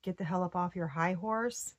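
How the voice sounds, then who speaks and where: A woman giving a casual tarot reading, excitable and slangy, often breaking off mid-sentence to start over. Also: lowish voice, moderate pace. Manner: slangy and profane. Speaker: tarot reader.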